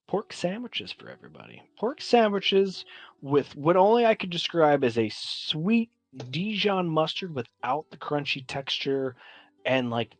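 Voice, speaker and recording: A man's voice: on the high side, dry recording. A man narrating as game master, describing scenes in a meandering way with many filler words.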